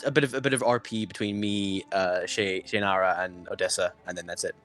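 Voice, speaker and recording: A man's voice: deep voice, fairly even intonation, brisk, a bit bright, soft background music. A man chatting casually as a player in a tabletop game, in a playful, chatty way. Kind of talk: casual chat between game sessions.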